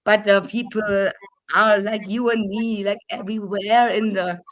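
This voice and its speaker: Slow German-accented woman. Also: medium pitch, steady tone, fairly bright tone, poor audio. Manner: halting, searching for English words, frequent restarts. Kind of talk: casual chat on a stream.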